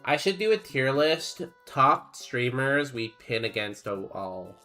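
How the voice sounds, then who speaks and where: A man's voice: medium pitch, very animated, takes it slowly, sharp tone, faint music behind. A young man streaming a game, chatting casually and rambling as he reads chat aloud in a laid-back way.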